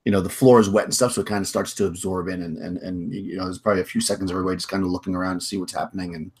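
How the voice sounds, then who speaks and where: A man's voice: sits low, steady tone, very fast, darkish tone, a little hiss or hum. A man running a tabletop game as game master, narrating in a rambling way with many restarts. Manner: rambling, full of restarts and fillers.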